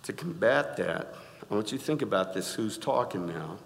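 A middle-aged man preaching a sermon in a church, animated and rising to loud exclaims, often asking the congregation to answer back. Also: fairly low pitch, normal speed. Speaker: pastor. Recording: reverberant church hall.

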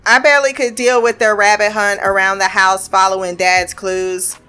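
A woman's voice: medium pitch, flat delivery, moderate pace, sharp tone, faint music behind. A woman giving a casual, blunt and sarcastic review of a TV show, swearing freely as she recaps the episode.

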